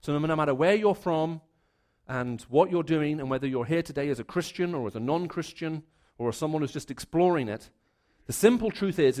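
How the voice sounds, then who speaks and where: A man raised in the Middle East preaches a sermon to a live congregation, speaking conversationally and telling stories, with frequent restarts and fillers. His voice is a little high with a darkish tone.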